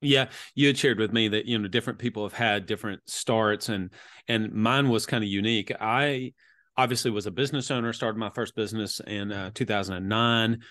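A man who is a business coach, talking as a guest on a podcast in a relaxed, conversational way. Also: lowish voice, fairly quick, no room sound, studio quality. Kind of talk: interview storytelling.

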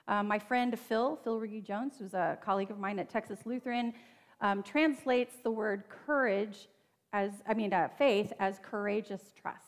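A woman's voice: medium pitch, normal speed. A woman pastor giving a sermon in a conversational, earnest way, with asides to her listeners. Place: church sanctuary. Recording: long church reverb.

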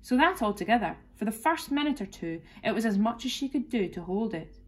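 A woman, a teacher, reading a children's classic aloud clearly and expressively. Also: fairly high pitch, animated, a little fast. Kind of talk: storybook read-aloud.

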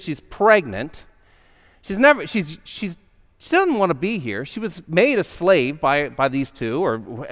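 A man's voice: a little high, fairly bright tone. A male pastor preaching a sermon in a conversational storytelling manner, acting out the characters' voices. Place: church sanctuary. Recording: long hall reverb.

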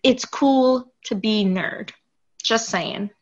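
A woman's voice: on the high side, slow. A woman from New York hosting a podcast interview, with a New York accent, giggly and rambling as she wraps up the episode. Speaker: podcast host. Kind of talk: casual interview wrap-up. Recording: slightly dull lo-fi audio.

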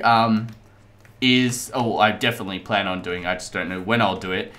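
Guy rambling through his let's play, excitable, voice bouncing up and down a lot. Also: mid-range voice. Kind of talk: casual gameplay commentary.

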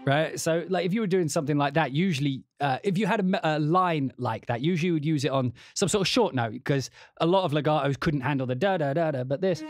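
A man's voice: fairly high pitch, quick pace, hardly any pauses. Man rambling through a music demo. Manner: rambling, hums and scats rhythms aloud. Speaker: composer demonstrating a sample library. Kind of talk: casual livestream walkthrough. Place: home studio at a keyboard.

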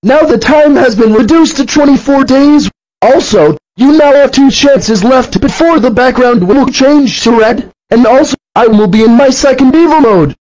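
A man's voice: normal speed, a little mellow. A man voicing a bossy purple dinosaur who scolds and threatens, in a fan-made cartoon with dull, lo-fi sound. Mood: furious. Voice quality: very high-pitched. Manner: scolding, threatening, repeating rules. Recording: dull lo-fi audio.

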